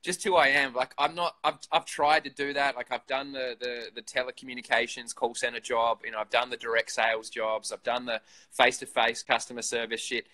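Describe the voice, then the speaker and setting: A man's voice: medium pitch, level tone, fairly quick, pushed and bright, low-quality recording. A man in his thirties with an Australian accent, chatting casually as an interview guest, swearing freely and laughing often. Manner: profane, laid-back, laughs often. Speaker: interview guest, vape reviewer. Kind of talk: casual chat.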